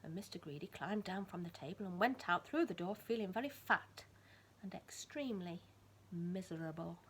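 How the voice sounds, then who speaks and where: Woman teacher, lively children's story read-aloud, whisper-to-loud swings, faint hum behind. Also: on the low side, normal speed. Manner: animated, swinging between hushed whispers and loud emphasis.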